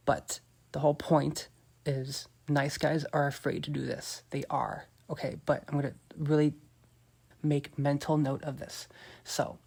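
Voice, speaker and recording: Gravelly, emphatic male dating coach. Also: fairly high pitch, darkish tone. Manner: emphatic, repeats points, keeps addressing listeners as "you guys"; profane and cocky. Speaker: dating coach podcast host. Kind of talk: coaching podcast monologue.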